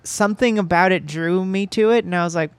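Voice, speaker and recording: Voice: mid-range voice, a little fast, smooth, dry recording. A podcast co-host in casual chat, recapping a film in a rambling way and laughing now and then.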